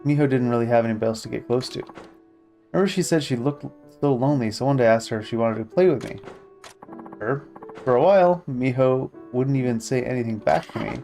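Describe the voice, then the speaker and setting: A man's voice: medium pitch, fast, creaky, mellow, soft background music, close to an everyday voice. A man voicing an earnest young boy in a game, reading his lines in a plaintive way. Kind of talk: reading game dialogue aloud.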